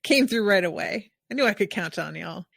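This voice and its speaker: Woman podcast host, American, expressive and lively, mid pitch, dry close-mic sound. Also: creaky, dry recording. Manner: animated, expressive, quick asides. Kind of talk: casual podcast chat.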